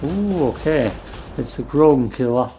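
A man's voice: mid-range voice, animated, unhurried, warm tone, slight background noise. A man giving casual, self-deprecating play-by-play commentary while playing a shooter game. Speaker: gamer. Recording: faint music underneath.

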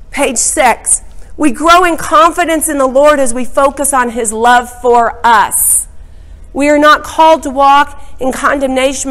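A woman's voice: high-pitched, fairly bright tone, poor audio. A woman teaching a Bible study lesson, retelling a parable with dramatic, emphatic storytelling.

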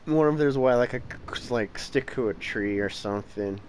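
A young man giving casual let's-play commentary at home, tired and yawning as he plays. His voice sits at a middle pitch, and he talks impatiently back at the game with a faint hiss behind him. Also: fairly quick, poor audio. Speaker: gameplay channel host.

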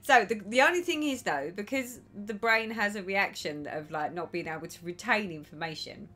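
A woman's voice: mid-range voice, expressive, normal speed, bright, forceful tone, faint music behind. A woman hosting a casual stitching livestream, chatting and reading viewers' comments aloud with a lot of giggling. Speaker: livestream host.

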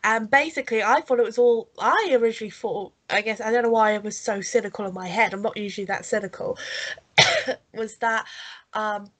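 A woman's voice: fairly high pitch, fairly quick, a bit bright. Woman co-host, stuffy and nasal from a cold, chatty and rambling, coughs now and then. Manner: rambling, full of fillers and restarts, coughing. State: has a cold. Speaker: podcast co-host. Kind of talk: casual chat reviewing a holiday special.

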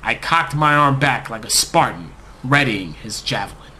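A man narrating a comic first-person story in a deadpan, overblown storyteller manner. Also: medium pitch, moderate pace, a little hiss or hum.

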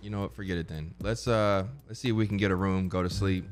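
With music playing underneath, a young man streaming a video game talks fast in a low voice with a steady tone. His casual, rambling commentary is slangy and packed with "bro," and he reads the game's dialogue aloud.

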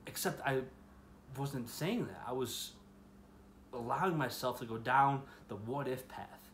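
Speaking a little slowly in a mid-range, fairly bright voice, this earnest, chatty youth ministry speaker in his 20s talks to students about faith in a casual devotional style. He's from the Chicago area, US, and peppers his words with "you know" and "like," with a faint hiss in the background.

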